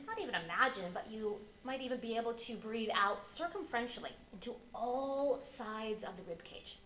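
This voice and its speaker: A woman teaching a yoga class, giving gentle, unhurried cues for breath and posture. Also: medium pitch, reverberant, slight background noise, low-quality recording. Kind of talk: guided yoga class instruction.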